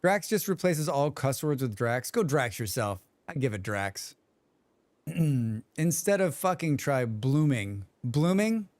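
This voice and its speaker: Streaming a game, a man chats with his viewers in a joking, rambling way and hums to himself. His mid-range voice swings widely in pitch, he speaks slowly, and there's no room sound.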